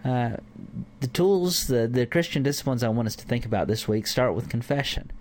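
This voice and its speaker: A man's voice: medium pitch, expressive, moderate pace, a little mellow, slight background noise. A man teaching a conversational Bible lesson to a church group, informal with fillers. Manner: informal, with fillers and acted-out examples.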